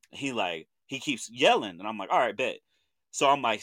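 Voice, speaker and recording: An Oklahoma-accented podcast co-host in his thirties, originally from Oklahoma, narrates a story with lively, slangy banter, voicing the people he quotes. The pitch is medium and the pace brisk, recorded without echo.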